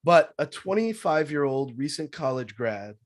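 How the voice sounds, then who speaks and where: A man talking in a casual interview, coaching in an energetic, animated way. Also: fairly high pitch, normal speed, no echo, studio quality. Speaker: sales trainer guest.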